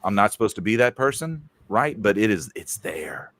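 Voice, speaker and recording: A man's voice: lowish voice, big pitch swings, normal speed, fairly bright tone, a little hiss or hum. A man chatting casually on a podcast in a laid-back, confessional way. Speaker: podcast guest. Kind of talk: casual chat.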